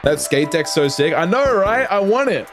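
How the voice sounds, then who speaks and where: A young man livestreaming, ranting casually to his chat in an animated, heavily profane, slangy way. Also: high-pitched, normal speed. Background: music.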